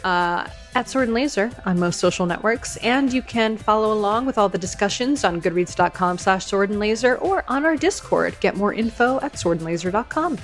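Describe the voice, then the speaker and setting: A woman co-hosting a casual book podcast, bubbly and quick to laugh. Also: mid-range voice, animated, faint music behind. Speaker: podcast co-host.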